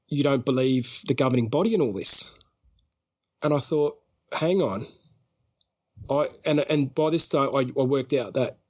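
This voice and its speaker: An Australian man talks casually as a podcast guest, at a mid pitch, and tells his story with energy. He acts out other people's lines in quick bursts and laughs often. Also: a little mellow.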